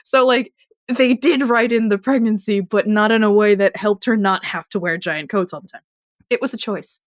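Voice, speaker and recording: A woman's voice: mid-range voice, moderate pace, no echo, studio quality. A woman co-hosting a podcast, recapping a TV episode in a chatty, rambling way with restarts and laughs. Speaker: podcast co-host. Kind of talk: casual TV recap chat.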